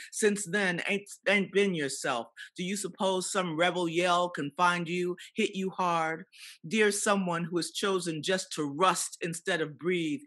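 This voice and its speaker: A man's voice: fairly high pitch, pushed and bright. A man reading a spoken word poem aloud, with rhythmic, incantatory address and long chanted lists of names. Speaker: poetry reader.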